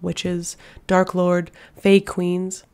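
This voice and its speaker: A woman reading a wry, soft-spoken young queen. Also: on the low side, completely flat delivery, very slow, clear, resonant tone. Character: bold young warrior queen, wry and tender.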